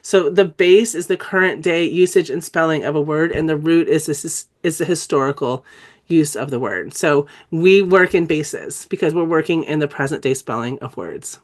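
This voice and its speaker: A woman's voice: low-pitched, moderate pace. A woman who has a cold, giving an enthusiastic, conversational online teaching presentation and spelling out letters as she explains. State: has a cold, coughing and clearing throat. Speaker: dyslexia trainer presenting a webinar.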